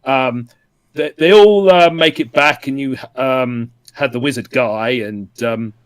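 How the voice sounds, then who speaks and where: A man casually recapping a comic for a podcast, pausing often with ums and acting out short quoted asides. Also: mid-range voice, smooth, no echo. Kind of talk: casual chat.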